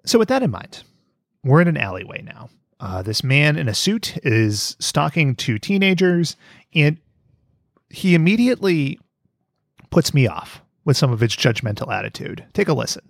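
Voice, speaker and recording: A man hosting a podcast, recapping an episode in a joking, profane, animated way. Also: a little high, moderate pace, creaky, dry recording, studio quality. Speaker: podcast host. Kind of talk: casual chat recapping an episode.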